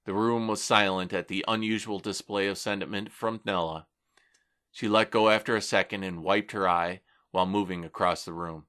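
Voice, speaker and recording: A man reading a first-person audiobook narration in an earnest, steady way. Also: low voice, normal speed.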